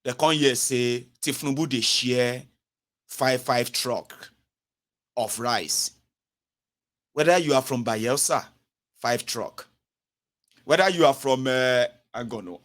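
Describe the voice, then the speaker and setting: A young Nigerian man with a Pidgin-inflected accent giving a mocking, animated satirical political monologue, swinging from loud rants to low mutters. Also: slow pace, long pauses. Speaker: political commentator.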